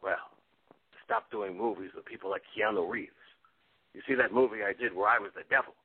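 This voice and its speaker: A man impersonating an excitable aging male movie star, with a husky voice that erupts into shouted exclamations. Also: lowish voice, a little fast. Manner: bursts into sudden shouted exclamations. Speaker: guest impressionist. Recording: tinny phone line.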